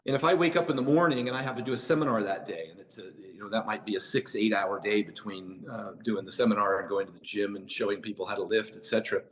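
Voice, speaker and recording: Fast and barely pausing, this American podcast guest tells casual stories in a fairly low, fairly bright voice. His talk is full of "you know" asides and restarts, and the recording quality is poor.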